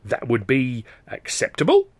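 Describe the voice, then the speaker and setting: A man voicing an old woman street crone who speaks slowly and insinuatingly in a high voice, in a storybook reading. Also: huge pitch swings, husky, heavily acted. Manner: slow, insinuating, high-pitched. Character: old female street crone selling heather.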